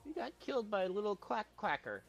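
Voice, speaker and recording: High, gravelly, brash gaming streamer guy. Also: sing-song, fairly quick, highs cut off, soft background music. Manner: brash, swears a lot, bursts into shouts. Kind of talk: casual gaming chat.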